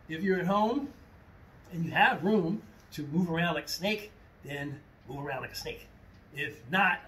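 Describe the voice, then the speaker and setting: A man's voice: sits high, a bit bright, far from the mic. A man leading a children's martial arts class, playfully pretending to be confused and repeating himself as he coaches.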